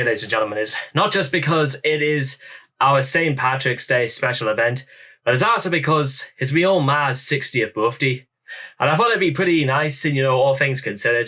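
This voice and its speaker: A man's voice: mid-range voice, pushed and bright. A young man hosting a reaction video, rambling theatrically while putting on a thick Irish accent over his English roots. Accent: put-on Irish. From England. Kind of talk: casual reaction commentary.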